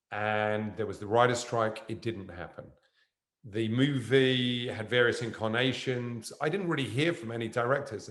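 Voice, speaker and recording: A man's voice: mid-range voice, roomy sound. A man, an actor as guest, telling a rambling anecdote on stage that jumps around. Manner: animated, jumps around in the story. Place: university event room.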